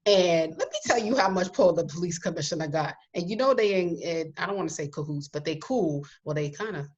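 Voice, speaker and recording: Low-voiced, emphatic woman podcast co-host. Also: expressive, brisk, highs cut off. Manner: emphatic, interjects with firm opinions. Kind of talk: casual podcast chat.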